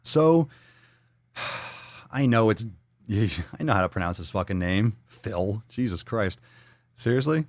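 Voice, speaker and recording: A man's voice: lowish voice, expressive, unhurried, long pauses, no echo. A man hosting a live fitness show, reading viewer comments and ranting with heavy profanity and sarcasm.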